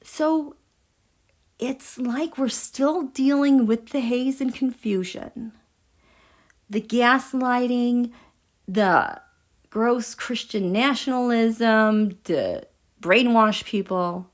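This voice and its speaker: A woman's voice: fairly high pitch, drawn-out words. A woman hosting a tarot and astrology livestream, chatting casually and emphatically with her viewers and reading out their comments. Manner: animated, emphatic, talks straight to her viewers.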